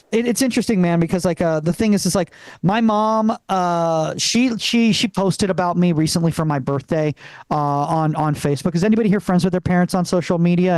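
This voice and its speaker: A young man from Venezuela doing a live stand-up set in a comedy club. He talks in a halting way, full of fillers and restarts. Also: fairly high pitch, darkish tone, clear, resonant tone, no echo.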